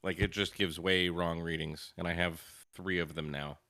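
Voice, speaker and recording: A man's voice: sits low, fairly even intonation, moderate pace, bright, forceful tone, no echo, studio quality. A man co-hosting a casual livestream, giving blunt, offhand opinions. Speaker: co-host.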